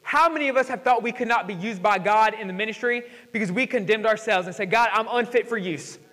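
A young man preaching a sermon as pastor, mixing slow emphatic scripture reading with slangy asides and rising, fervent stretches. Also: high-pitched, pushed and bright. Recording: church hall with long reverb.

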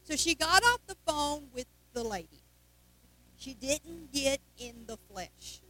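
A woman's voice: high voice, lively intonation, takes it slowly, sharp tone, a little hiss or hum, poor audio. A woman preaching a folksy, storytelling sermon with emphatic asides. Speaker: worship leader.

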